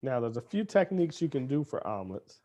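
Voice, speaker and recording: A man's voice: medium pitch, very animated, fast talker, mellow. A man hosting a cooking demonstration in a kitchen, talking in a playful, chatty way as he cooks. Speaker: cooking show chef.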